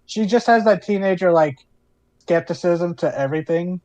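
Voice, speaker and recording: A man's voice: sits high, normal speed, darkish tone, no room sound, lo-fi sound. A man narrating his characters in a casual tabletop game, rambling with lots of filler words. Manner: rambling, full of "you know" and "like". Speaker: player.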